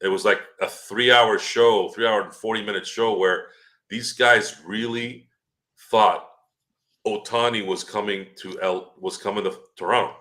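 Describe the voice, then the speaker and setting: A man co-hosting a casual sports podcast, telling animated stories, swearing freely and acting out the people he quotes. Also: lowish voice, measured pace. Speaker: podcast co-host.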